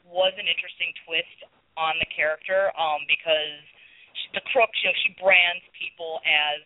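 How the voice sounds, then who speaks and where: A woman co-hosting a podcast, chatting casually in an animated, jumpy way. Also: moderate pace, no room sound. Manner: chatty, animated, jumping pitch. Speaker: podcast co-host. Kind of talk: casual chat. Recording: tinny dry phone-like line.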